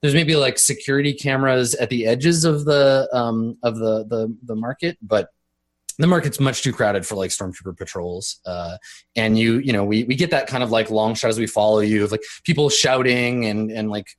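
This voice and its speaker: A man's voice: lowish voice, moderate pace. Casual, rambling male game master. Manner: casual and rambling, many fillers and restarts. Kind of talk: narrating a tabletop role-playing game.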